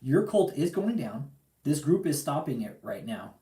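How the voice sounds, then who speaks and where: A man's voice: a little high, very animated, normal speed, dark tone. Angry ranting man in an echoey room. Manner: angry, profane, repeats himself, addresses target directly. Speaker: livestream host. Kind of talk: heated livestream rant.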